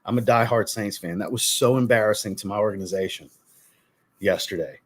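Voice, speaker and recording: A man's voice: lowish voice, brisk. A man hosting a fragrance livestream, greeting viewers by name, then ranting bluntly and profanely before apologizing. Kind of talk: casual livestream chat reading viewer comments.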